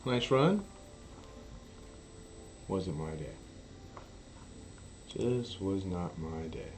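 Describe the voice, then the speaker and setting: A man streaming poker and chatting casually, an animated storyteller who acts out quotes. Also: deep voice, very slow. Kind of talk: casual chat while streaming. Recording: faint music behind. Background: faint music.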